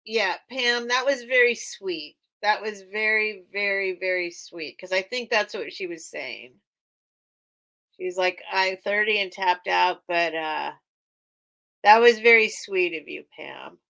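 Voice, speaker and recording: Slow-talking woman hosting a live sale. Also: medium pitch, gravelly, fairly bright tone, poor audio. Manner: chatty, rambling, easily touched. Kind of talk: casual live-stream auction chat. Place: cluttered room at home.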